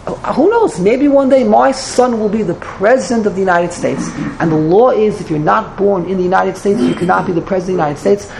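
A woman teaching a Torah lecture, telling stories with animation and bursting into sudden high exclamations. Her voice sits in a middle pitch range. She mixes Hebrew and Yiddish terms into her English, and faint background noise runs underneath. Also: brisk, vocal fry, hardly any pauses.

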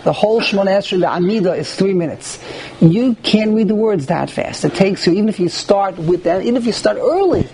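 A man's voice: high-pitched, lively intonation, brisk, darkish tone, slight background noise. A man teaching a Torah class on prayer law to a small group, posing rhetorical questions and restarting sentences often.

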